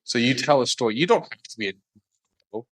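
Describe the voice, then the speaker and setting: A man's voice: mid-range voice, expressive, quick pace, fairly bright tone, rough recording. A man co-hosting a casual podcast, talking in a laid-back, rambling way with lots of fillers. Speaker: podcast co-host. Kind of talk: casual chat.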